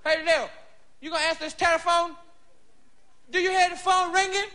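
A man's voice: extremely high pitch, level tone, normal speed, bright, forceful tone, voice pushed up. A man voicing a drunk, belligerent father ranting at home in a stand-up bit.

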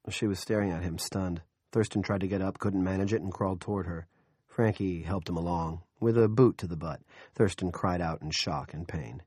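A man with a low voice reads scripted audiobook narration in a wry, matter-of-fact manner. The recording is close and dry, with no room sound. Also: normal speed, a little mellow, husky, no echo.

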